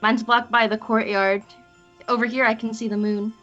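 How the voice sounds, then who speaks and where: A woman's voice: fairly high pitch, level tone, normal speed, pushed and bright, highs cut off, faint music behind. Woman playing a teasing, playful young woman. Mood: relaxed. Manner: teasing, laughing.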